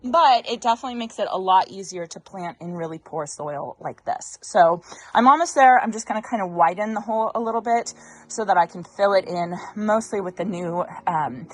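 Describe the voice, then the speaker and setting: A woman's voice: mid-range voice, a little fast. A woman hosting a casual gardening vlog outdoors, chatty and a little out of breath from digging. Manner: chatty, thinks aloud with fillers. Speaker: gardening channel host.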